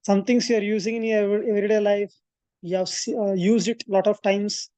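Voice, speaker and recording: A woman's voice: mid-range voice, steady tone, fairly quick, dark tone, dry recording. A woman, teaching a maths coaching class and working through a proof step by step, thinking aloud with fillers and corrections. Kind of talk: classroom lecture at a board.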